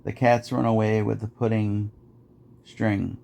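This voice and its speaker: Low-voiced guy with a gravelly edge reading nursery rhymes in a sing-song beat. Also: level tone, measured pace, dark tone. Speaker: podcast host.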